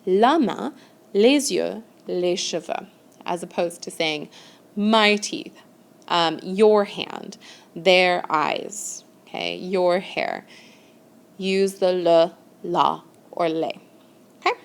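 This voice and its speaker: A woman's voice: fairly low pitch, takes it slowly, vocal fry, long pauses. A woman teaching French grammar in a recorded lesson. She explains step by step and often checks in with "okay?".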